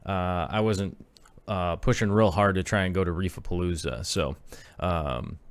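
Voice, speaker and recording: A man in his thirties chats casually on a live stream, wandering from point to point with plenty of ums and uhs. His voice sits fairly low and is recorded close and dry, with no room sound. He reads viewer messages aloud as he goes. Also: unhurried, clear, resonant tone, no echo. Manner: rambling, filler-heavy, reads chat aloud. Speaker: aquarium channel host.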